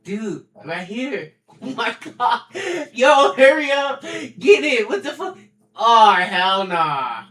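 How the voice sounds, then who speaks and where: Brief: young male gamer, high voice, loud and swearing, echoey room. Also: slow pace, few pauses. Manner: loud, excitable, swears a lot. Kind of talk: excited gaming chat.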